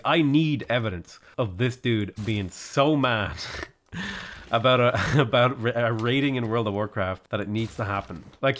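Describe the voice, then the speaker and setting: A man's voice: mid-range voice, a bit bright. A young man giving casual, rambling commentary while playing a strategy game, with playful asides and humming. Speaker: gaming YouTuber.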